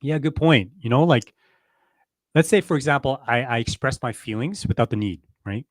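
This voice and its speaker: On a relationship coaching podcast, this co-host explains ideas through everyday examples in a casual, reflective way, often asking "right?" He speaks at normal speed in a mid-range voice, with no room sound.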